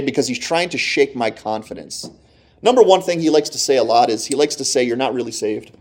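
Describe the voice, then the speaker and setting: A man preaching a sermon in an earnest manner, often checking in with his listeners. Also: medium pitch.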